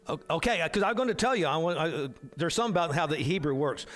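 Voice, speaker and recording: A man with a slightly raised pitch leads an adult Bible class in a loose, conversational way. He often restarts his sentences and fills gaps with filler sounds as he works through the text. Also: lively intonation, fast talker, hardly any pauses, a bit bright. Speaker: hospital chaplain. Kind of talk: casual Bible class teaching.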